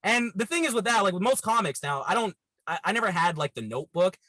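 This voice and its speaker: A Canadian comedian in his thirties, guesting in a casual chat, tells a wild, profane party story with animated, rambling energy. His voice is high-pitched and fast, and the recording is dry with poor audio.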